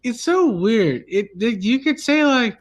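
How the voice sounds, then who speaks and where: A man's voice: very high voice, animated, unhurried, no room sound. A man co-hosting a radio talk show, joking around with goofy mock sportscaster bits and frequent laughter. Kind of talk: joking banter.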